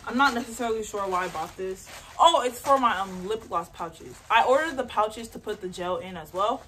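A young woman chatting casually in an unboxing vlog, excitable and rambling as she talks about her beauty business, recorded on a phone. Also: medium pitch, moderate pace, slight background noise. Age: young adult. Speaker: beauty entrepreneur and vlogger. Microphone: phone camera mic.

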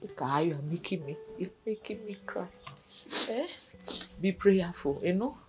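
An actress with a Nigerian accent playing a kind, motherly village woman who comforts and coaxes with soft questions. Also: on the low side, expressive, moderate pace, lightly acted. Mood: soothing. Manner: soothing, coaxing, gently questioning.

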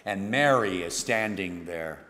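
A man preaching a homily as a priest, telling the story dramatically and moving between hushed and emphatic delivery. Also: low-pitched, animated, measured pace. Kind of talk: sermon. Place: church. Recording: long church reverb.

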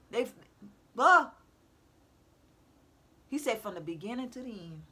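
High bright-voiced woman preaching to viewers. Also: very animated, measured pace, pauses often, slightly rough. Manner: preachy, repetitive, calls out to her audience. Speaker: self-styled prophetic speaker. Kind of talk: informal religious exhortation to viewers. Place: at home.

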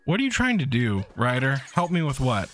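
A man's voice: huge pitch swings, brisk, a bit bright. A man livestreaming a game, talking to his viewers in a mid-range voice. He swears constantly and rants at what happens on screen. Faint game music plays behind him. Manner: foul-mouthed, ranting at the game, voice cracking high when frustrated. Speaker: streamer. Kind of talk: live gameplay commentary.

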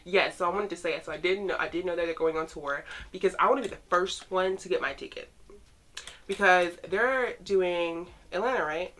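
A young woman chatting casually as she reacts to photos, excitable and teasing, talking straight to the pictures. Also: lowish voice, moderate pace. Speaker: fan vlogger reacting to photos.

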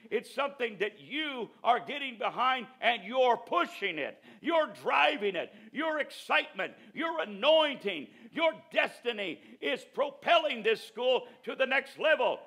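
Male preacher, graduation sermon, high-pitched, fervent delivery. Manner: fervent, building to shouts.

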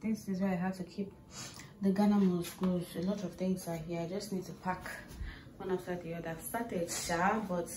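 A woman's voice: fairly low pitch, fairly even intonation, moderate pace, noisy background. A woman, chatting casually and laughing often in a vlog recorded on her phone. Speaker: vlogger. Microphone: phone held while vlogging.

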